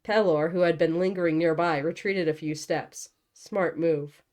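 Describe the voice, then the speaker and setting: A woman's voice: low-pitched, steady tone, normal speed, darkish tone. A young woman reading a novel aloud and breaking off for casual, joking commentary. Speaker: book channel host.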